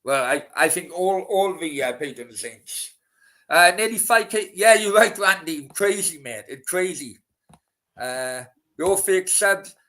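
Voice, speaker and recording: A man's voice: sits high, lively intonation, measured pace, pushed and bright. A man hosting a casual live stream, rambling, swearing freely and talking straight to his chat. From Wales.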